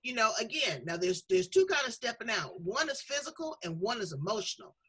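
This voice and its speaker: Talk host, woman, middle-aged, bright and slightly husky, folksy and emphatic. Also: fairly high pitch, big pitch swings, fairly quick, rough recording. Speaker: show host. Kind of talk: casual talk-show conversation.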